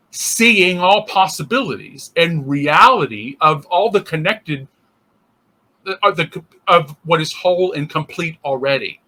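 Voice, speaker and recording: A man's voice: a little high, bright, forceful tone. A male interfaith minister giving a casual spiritual teaching, thinking aloud with restarts and acting out inner voices.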